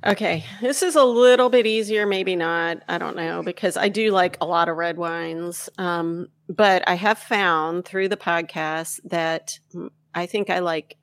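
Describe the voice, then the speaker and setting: A woman co-host chatting at a slow, easy pace, her lowish voice carrying a gravelly edge. She searches for words as she goes and laughs often, and the sound is dry and close. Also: no echo. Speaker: podcast co-host. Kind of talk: casual chat.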